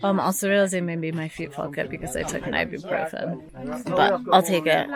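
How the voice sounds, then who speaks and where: A woman's voice: sits low, moderate pace, over a noisy crowd, low-quality recording. A woman vlogging on a handheld camera while hiking and running a long mountain race outdoors. She rambles, sounds tired and swears bluntly. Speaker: vlogger recapping her ultramarathon. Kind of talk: breathless running vlog commentary. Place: outdoors on a foggy mountain trail. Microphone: handheld pocket camera.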